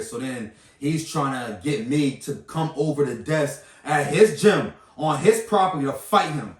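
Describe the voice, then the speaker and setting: A man's voice: on the high side, lively intonation, unhurried, few pauses. A man vlogger retelling a confrontation in a heated, casual way, repeating points for emphasis. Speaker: vlogger recounting an incident. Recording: echoey room, mic at a distance.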